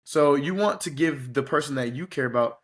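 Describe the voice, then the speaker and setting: A man's voice: on the high side, moderate pace. A young adult man co-hosting a relationship podcast, talking earnestly and rambling with fillers. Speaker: podcast co-host. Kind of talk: casual chat.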